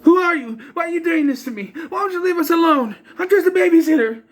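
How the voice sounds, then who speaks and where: A man mimicking a shrill, scared teen babysitter. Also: expressive, fast. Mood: panicked pleading. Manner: shrill, overwrought pleading. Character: frightened teenage girl babysitter on the phone.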